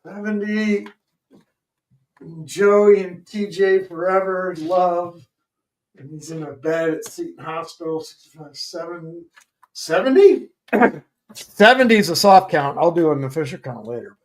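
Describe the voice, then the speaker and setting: A man's voice: high voice, measured pace. A man co-hosting a stream, crudely reading out comments and counting tallies. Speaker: stream co-host. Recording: roomy, distant mic with faint noise.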